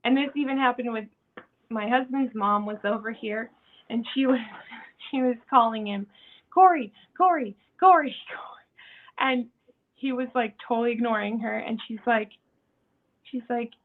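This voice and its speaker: A woman hosting a casual podcast chat, talking in an animated way. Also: a little high, normal speed, a little hiss or hum. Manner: animated, acts out quoted voices. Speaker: podcast host. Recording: tinny phone-like sound.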